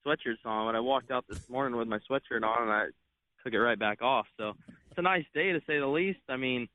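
A man's voice: medium pitch, a little fast. A man who drives race cars, chatting in an easygoing way as a guest over the phone, with lots of fillers. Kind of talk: casual interview on phone. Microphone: phone line. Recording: tinny phone line.

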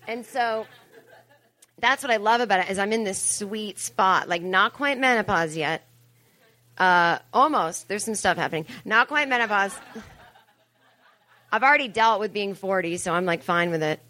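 A woman's voice: medium pitch, normal speed, pauses often, pushed and bright. A woman in her forties doing a chatty, profane, self-mocking live comedy monologue on stage, full of asides. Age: 40s. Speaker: comedian and podcast host. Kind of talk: live stand-up style monologue. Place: live show venue with audience.

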